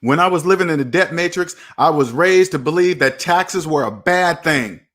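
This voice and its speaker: A man's voice: fairly high pitch, lively intonation, normal speed, fairly bright tone. Preachy man lecturing himself on money. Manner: preachy, repeats himself, talks to himself by name. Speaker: personal finance video host. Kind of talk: motivational monologue to camera.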